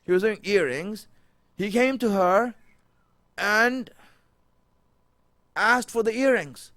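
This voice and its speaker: A man preaching an emotional sermon, repeating his phrases and building to near-shouts. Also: high-pitched, takes it slowly, dry recording.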